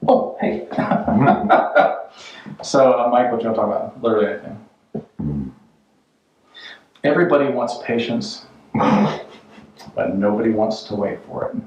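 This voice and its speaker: A man's voice: fairly low pitch, lively intonation, a little slow, pauses often, a little mellow. A man hosting a home renovation vlog, tossing out dry jokes and offhand life tips in a casual way. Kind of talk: casual joking vlog talk. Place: job site and car. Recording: roomy, distant and dull-sounding.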